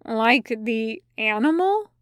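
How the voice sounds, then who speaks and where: A woman's voice: high-pitched, lively intonation, dry recording, studio quality, pitched above the performer's own voice. A woman doing a wary, puzzled male demon. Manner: slow and hesitant.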